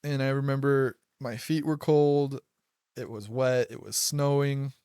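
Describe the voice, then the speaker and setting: A man's voice: medium pitch, fairly even intonation, unhurried, a little mellow, clean tone, no room sound, studio quality. A young man casually telling a personal story, rambling, with lots of "like" and restarts. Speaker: podcast host telling personal stories.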